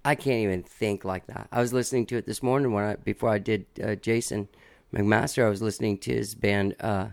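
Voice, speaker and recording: A man's voice: on the low side, fairly even intonation, fairly quick, creaky, dry recording. A man hosting a casual chat, asking short questions and reacting.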